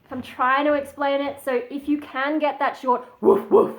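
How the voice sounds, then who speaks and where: A woman with a fairly high speaking voice talks through a home vocal lesson in a loose, chatty way. She is modest about her skill and keeps breaking off to show the sighs and growls she is explaining. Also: flat delivery, normal speed, fairly bright tone. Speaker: metal vocal tutorial presenter. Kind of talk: casual spoken tutorial.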